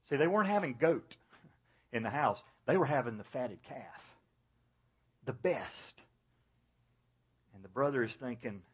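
Husky-voiced man preaching a sermon. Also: expressive, unhurried, pauses often, highs cut off. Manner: earnest preaching, dropping low and soft for emphasis. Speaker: pastor.

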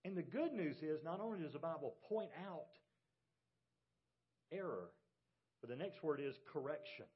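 A man's voice: a little high, expressive, moderate pace, long pauses, husky, lo-fi sound. A middle-aged man, a pastor, preaching a sermon with emphasis and putting rhetorical questions to his congregation. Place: church sanctuary.

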